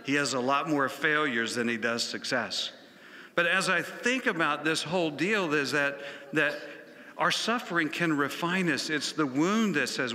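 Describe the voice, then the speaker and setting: Male pastor, sermon delivery, bright voice, long sanctuary reverb. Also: on the high side, a little slow. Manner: conversational storytelling, emphatic. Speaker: senior pastor. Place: large church sanctuary.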